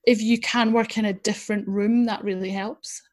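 A woman guest chatting on a podcast in a voice of middling pitch. She speaks frankly and in a lively way, quick to poke fun at herself. Her tone is casual and open. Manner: frank and lively, self-deprecating. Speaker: guest, business owner. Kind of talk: casual interview chat.

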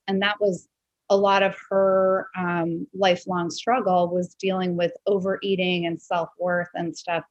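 A woman's voice: mid-range voice, darkish tone, dry recording, dull audio. A woman hosting a podcast interview, talking in a reflective, conversational way with many fillers. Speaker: podcast host. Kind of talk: casual interview chat.

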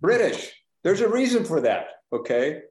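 A man from California, a trial lawyer speaking on a panel, animated and asking questions of the others. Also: on the high side, moderate pace, echoey room. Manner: animated, asks the room questions. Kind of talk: panel discussion.

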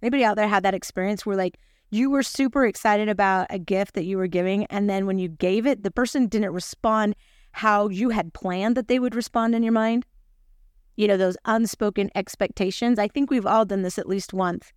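Smooth-voiced woman teaching scripture. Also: medium pitch, a little fast, no room sound, studio quality. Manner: chatty, confiding, self-deprecating. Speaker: gospel lesson podcast host. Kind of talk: scripture lesson with personal storytelling.

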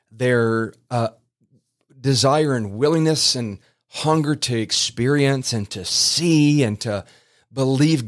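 A man hosting a faith podcast, talking earnestly in a loose, rambling way with many restarts. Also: medium pitch. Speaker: podcast host. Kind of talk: casual podcast preaching. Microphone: podcast microphone.

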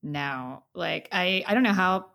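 A woman's voice: fairly low pitch, unhurried, gravelly, fairly bright tone. A woman co-hosting a podcast, chatting casually in a bubbly, rambling way and laughing often. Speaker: podcast co-host. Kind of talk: casual chat. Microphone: video call.

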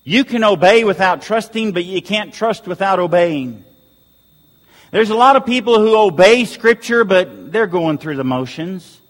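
A man's voice: high voice, lively intonation, a little slow. A man preaching a sermon to his church, pleading with the congregation and repeating urgent questions. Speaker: pastor. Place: church sanctuary. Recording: long hall reverb.

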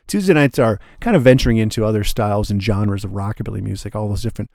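A man's voice: fairly low pitch, quick pace, creaky, a little mellow, no room sound, clean studio sound. A man hosting a radio show, talking in a loose, rambling way between records. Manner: rambling and laid-back, drops 'man' and 'uh' often. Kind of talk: casual radio DJ patter.

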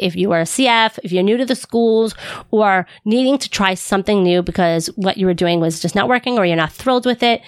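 A woman's voice: mid-range voice, dry recording, clean studio sound. A woman speech-language pathologist giving instructional talk to fellow clinicians in an upbeat way, posing rhetorical questions as she goes. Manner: upbeat, rhetorical questions, acts out student voices.

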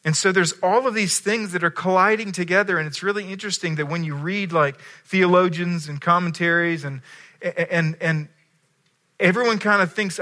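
A man's voice: sits high, moderate pace, sharp tone. A man preaching a sermon in a conversational storytelling way, often checking in with his listeners. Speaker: pastor.

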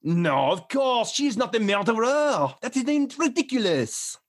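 A man voicing a fussy, exasperated French-Belgian railway gentleman with a French accent in a theatrical, indignant manner. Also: very high voice, big pitch swings, a little slow, pitched above the performer's own voice, full character voice.

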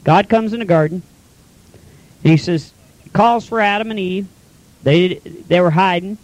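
A man's voice: high voice, measured pace, low-quality recording. A man preaching a folksy sermon, retelling scripture in plain everyday talk.

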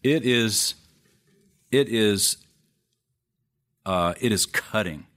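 A middle-aged male pastor preaching a sermon, telling a long story with sudden rises and drops in his voice and hesitant restarts. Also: very slow. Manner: storytelling, wide swings in pitch and loudness, hesitant restarts.

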